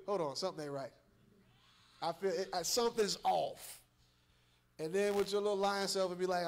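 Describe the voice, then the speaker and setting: A man's voice: sits high, lively intonation, normal speed, long pauses. A man preaching a sermon in a church with a Southern US accent, teasing and calling out to the congregation. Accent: Southern US, Georgia. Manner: call-and-response preaching with congregation, playful and teasing. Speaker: pastor. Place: church sanctuary.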